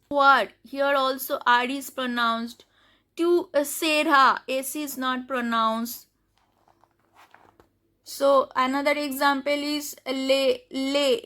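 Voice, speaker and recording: A woman with an Indian accent gives a spoken lesson, saying each example word twice. Her voice is high and bright. She talks slowly, with many fillers and restarts. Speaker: French teacher.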